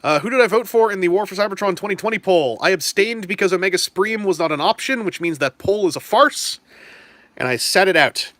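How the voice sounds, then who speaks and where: A chatty young man hosts a live stream, answering questions in a loose, rambling way. His voice is bright and sits a little high. The sound is close and dry. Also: expressive, fairly quick, dry recording. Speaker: stream host. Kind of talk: casual live-stream chat about toys and trading cards.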